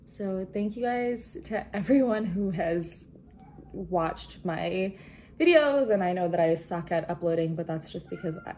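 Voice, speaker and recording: A young woman and new nursing graduate talking to her viewers in a casual vlog, chatty and excited, with many fillers and some nervous laughter. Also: on the low side, a little slow, slight background noise. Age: young adult.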